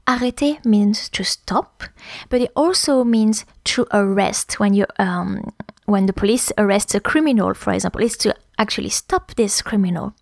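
A woman's voice: mid-range voice, moderate pace, creaky, dry recording, studio quality. A woman with a French accent hosting a podcast language lesson, explaining words carefully and spelling them out letter by letter. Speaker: French teacher, podcast host.

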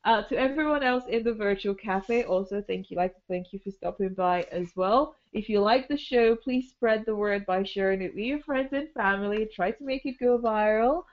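Chatty woman podcast host, slightly hoarse. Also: mid-range voice, moderate pace, few pauses, highs cut off. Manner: chatty, laughs easily, many ums. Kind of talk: casual podcast chat.

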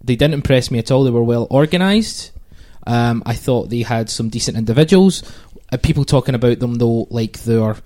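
A man's voice: mid-range voice, moderate pace, few pauses, mellow. A man hosting a casual football podcast, talking in a hesitant, filler-heavy, exasperated way. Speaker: podcast host.

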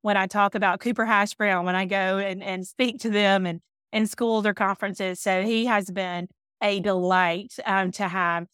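A woman in her thirties with a Southern accent, talking openly and chattily as a podcast guest. Her voice is smooth and clear, and it sounds close and dry. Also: medium pitch, level tone, moderate pace, dry recording. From Alabama, US. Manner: open, chatty, warm storytelling. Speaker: podcast guest, speaker and author. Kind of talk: casual chat.

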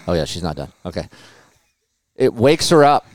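A man in his forties hosting a podcast, telling stories in a casual, animated way with plenty of swearing. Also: deep voice, moderate pace. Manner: animated storytelling with profanity. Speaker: podcast host. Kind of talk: casual chat.

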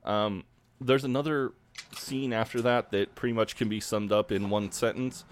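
A man, co-hosting a casual podcast chat, laid-back and quick to swear and laugh. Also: fairly low pitch, fairly even intonation, a little hiss or hum. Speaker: podcast co-host. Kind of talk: casual chat recapping a TV episode.

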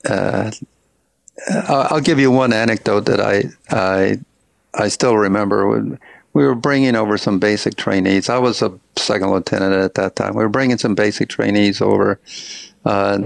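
Older male author guest, gravelly low timbre, halting storyteller, dry close mic. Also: no echo. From Tennessee. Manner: halting, many fillers and restarts, chuckles. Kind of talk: casual interview storytelling.

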